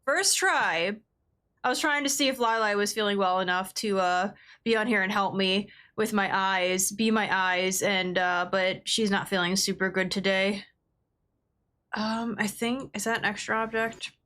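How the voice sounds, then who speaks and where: A woman's voice: mid-range voice, fairly even intonation, unhurried, bright, forceful tone. A woman gaming livestreamer chatting casually at her desk, talking bluntly and swearing freely while she plays.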